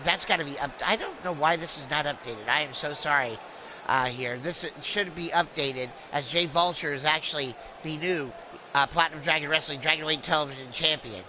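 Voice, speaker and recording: A man's voice: fairly high pitch, a little fast, noisy background. A man calling a wrestling game as a rambling, jokey streamer who plays a drunken clown persona. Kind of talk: excitable play-by-play game commentary.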